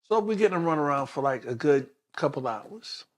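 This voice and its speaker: A man's voice: on the high side, fairly quick. A man in his sixties with a New York accent, a detective telling his life story as an interview guest, acting out the voices of people in it. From New York City. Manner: animated, acts out quoted voices in stories.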